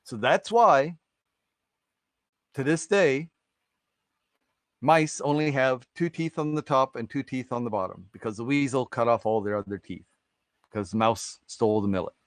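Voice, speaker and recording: A man's voice: medium pitch, moderate pace, long pauses, no room sound, studio quality. A man casually retelling a folktale on a live stream, rambling with lots of fillers and checking in with listeners. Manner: rambling, filler-heavy, keeps asking "right?".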